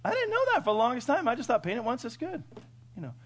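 A middle-aged man preaching a sermon in a folksy way, firing off rhetorical questions and swinging from loud to hushed. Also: very high-pitched, wildly swooping pitch, quick pace. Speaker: pastor.

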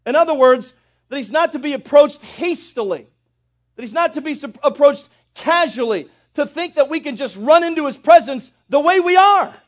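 A man with a very high voice preaches a sermon. He talks right to his listeners and builds from quiet stretches to forceful ones. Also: expressive, normal speed. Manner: addresses congregation directly, builds in intensity. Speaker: pastor.

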